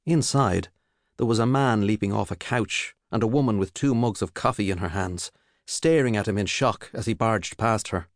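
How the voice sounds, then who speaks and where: Here a low-voiced male narrator reads an audiobook script, keeping his storytelling steady and measured. The sound is studio-quality and free of echo.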